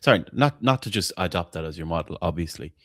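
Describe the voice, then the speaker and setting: A man's voice: sits low, animated, fast, a bit bright, no room sound, studio quality. A man hosting a casual football fan chat, blunt and opinionated, swearing freely and tripping over repeated words as he argues his point. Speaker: podcast host.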